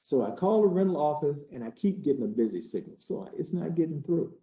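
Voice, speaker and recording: Fast-talking, with a slightly high, sing-song, mellow voice, a man plays a trainer walking through a case study as first-person storytelling. He stays earnest and conversational as the tension builds, and the recording has the sound of a roomy hall.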